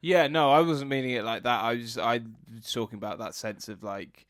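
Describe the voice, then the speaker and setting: A man's voice: mid-range voice, fairly quick, fairly bright tone, no echo, clean studio sound. A man co-hosting a podcast, chatting casually and often answering with short agreeing replies. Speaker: podcast co-host. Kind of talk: casual chat.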